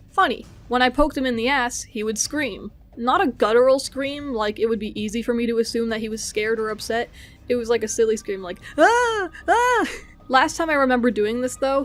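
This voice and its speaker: A young woman with a slightly high voice answers accusations in a filmed response. She speaks bluntly and emphatically and holds a defensive edge throughout. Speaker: video creator.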